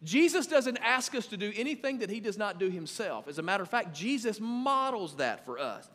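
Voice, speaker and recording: Man pastor, animated sermon, high voice, long church-hall reverb. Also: a little fast. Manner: animated and conversational, swings from loud to quiet. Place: church sanctuary.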